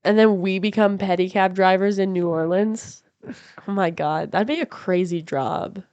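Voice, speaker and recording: A woman chatting as a podcast guest in a house, animated and blunt, swearing freely. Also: mid-range voice, moderate pace, clear, resonant tone, dry recording, muffled recording. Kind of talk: casual chat.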